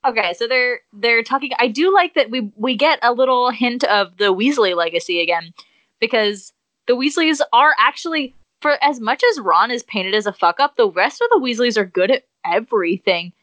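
A woman's voice: on the high side, expressive, normal speed, a bit bright, no room sound. A woman co-hosting a podcast, talking enthusiastically and swearing casually. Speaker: podcast co-host. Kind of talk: casual chat.

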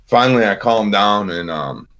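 Deep-voiced man telling a war story. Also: animated, normal speed, fairly bright tone, dull audio. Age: 30s. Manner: plainspoken, self-deprecating, fillers and restarts. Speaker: podcast guest, Marine veteran. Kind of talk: casual storytelling interview.

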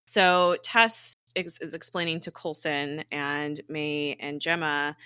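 A woman with a bright, forceful voice that sits a little low, chatting casually through a recap of a show. She keeps slipping into the characters' lines and leans on "like" as a filler. The recording is dry and close, with no room sound. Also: fairly even intonation, takes it slowly, clear, resonant tone, dry recording. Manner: chatty retelling, acts out dialogue, many "like" fillers. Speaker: podcast host recapping a TV episode. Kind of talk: casual chat.

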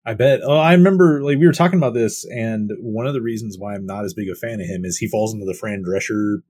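A man's voice: lowish voice, fast, a little mellow, slightly rough, no echo. A man co-hosting a casual gaming podcast, easygoing and laughing along. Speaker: podcast co-host.

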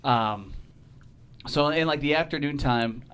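A man's voice: on the high side, measured pace, a bit bright, clean tone. A man telling a story on a podcast in casual, profane talk, acting out the voices of the people in it. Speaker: podcast guest.

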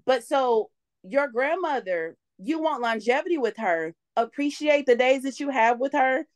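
A young adult woman, a podcast guest telling lively faith stories in casual conversation and acting out what people said. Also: sits high, moderate pace. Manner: animated storyteller, acts out quotes.

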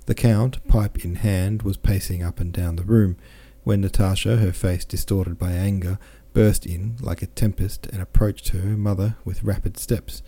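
A man's voice: sits low, steady tone, measured pace, hardly any pauses, mellow, slightly rough. A man narrating a classic novel aloud, reading the dialogue with mild shifts in tone for each character. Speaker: audiobook narrator.

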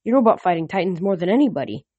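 A man's voice: high voice, big pitch swings, rapid-fire, a little mellow, dry recording, highs cut off. A man reading a storybook aloud and voicing a determined teenage girl who speaks firmly and encouragingly. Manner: firm, encouraging.

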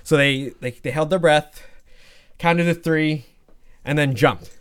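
Smooth-voiced man rambling through a story. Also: mid-range voice, fairly even intonation. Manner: rambling, halting, full of fillers and restarts, swears freely. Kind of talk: casual spoken storytelling.

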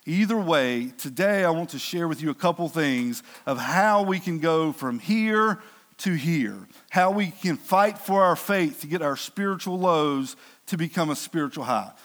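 A man preaching a sermon in a lively, playful way. His voice sits a little high for a man. He reads scripture and throws questions out to the congregation. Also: unhurried.

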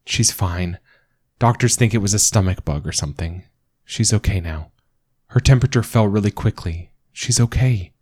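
A man voicing a gentle, steady young husband. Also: on the low side, normal speed, dry recording, studio quality, close to an everyday voice. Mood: reassuring. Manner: soft and reassuring, thinking aloud.

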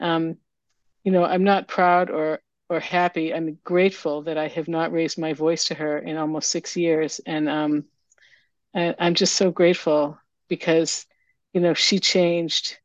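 A woman giving a candid, emotional share at a recovery meeting, halting with fillers, over a video call. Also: low voice, dry recording. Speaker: meeting member sharing. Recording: dull lo-fi video call audio.

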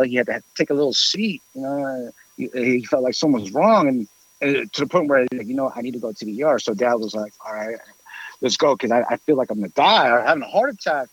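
A man telling a long story in casual chat, rambling with many fillers and lively quoted voices. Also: mid-range voice, fast talker, slightly rough, no echo, lo-fi sound.

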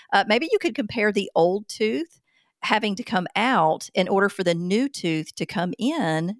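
A woman's voice: medium pitch, dry recording, clean studio sound. A woman hosting a podcast and answering listener questions in a chatty, self-deprecating way, with frequent ums. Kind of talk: casual chat.

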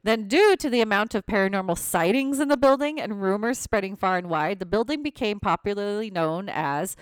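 Casual podcast co-host, woman, expressive storyteller with a bouncing pitch, dry sound. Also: fairly quick, clear, resonant tone, no room sound. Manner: animated, laughs often, reads facts with asides. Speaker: podcast co-host telling ghost stories.

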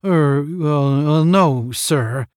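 A man's voice: fairly high pitch, expressive, a little slow, darkish tone, no echo, studio quality. A man reading as a big, blunt young cadet. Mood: gruff. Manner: blunt, gruff.

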